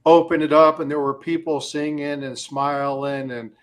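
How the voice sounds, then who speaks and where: A man's voice: a little high, level tone, moderate pace. A man hosting a casual livestream, talking in a rambling way with many fillers and telling stories. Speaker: crypto livestream host.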